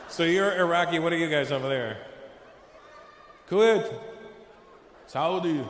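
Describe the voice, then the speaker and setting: A man's voice: sits high, moderate pace, long pauses, noisy background. A man doing a stand-up routine on a handheld mic before a live crowd, chatting with the audience and slipping into silly voices. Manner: chats with the crowd, jumps into silly put-on voices. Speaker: stand-up comedian. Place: large comedy venue with a live audience. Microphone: handheld stage mic. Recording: roomy hall, long reverb.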